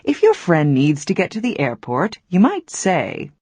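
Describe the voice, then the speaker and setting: A woman voicing a cartoon word character who gives clear advice in an educational cartoon. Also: lowish voice, huge pitch swings, unhurried, darkish tone, dry recording, full character voice. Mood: advising. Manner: clear, advising. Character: female cartoon word giving firm advice.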